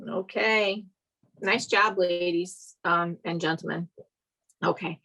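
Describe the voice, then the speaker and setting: A woman's voice: lowish voice, fairly even intonation, slow pace, pushed and bright, poor audio. A woman in a group video chat, praising a friend in an emotional, rambling way while holding back tears. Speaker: group member giving encouragement. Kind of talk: casual chat on a video call.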